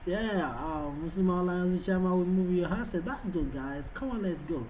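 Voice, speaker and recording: A man's voice: high voice, moderate pace, a little mellow, slight background noise, poor audio. A Nigerian man whose first language is Yoruba, hosting a trading livestream and hyping up viewers with repeated calls while putting on a foreign-sounding English accent. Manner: hyped, repetitive calls to viewers. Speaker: livestream host, trading analyst. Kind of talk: live-stream chat with viewers.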